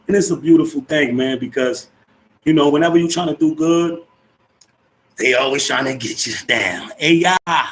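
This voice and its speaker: A man hosting a casual live stream, upbeat and chatty as he greets and shouts out his viewers. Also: fairly high pitch, moderate pace.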